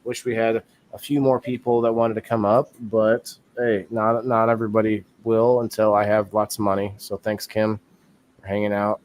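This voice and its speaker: A man's voice: lowish voice, little pitch movement, normal speed, darkish tone. A man in his thirties hosting a live-stream talk show in casual chat, rambling and thinking aloud with easy laughs.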